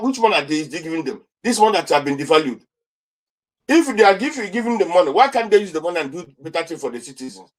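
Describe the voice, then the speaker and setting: A middle-aged Nigerian man with a fairly high voice, speaking as an interview guest. He fires off indignant rhetorical questions and stumbles over repeated words as he gets worked up. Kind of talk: impassioned political commentary.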